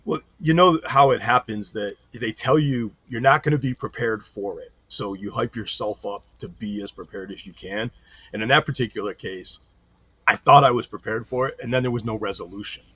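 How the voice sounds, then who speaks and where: Middle-aged male guest; low, husky, lo-fi; lively storyteller. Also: normal speed, dry recording. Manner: animated storyteller, acts out quotes. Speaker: retired police chief, guest. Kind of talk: casual storytelling interview. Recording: dull lo-fi sound.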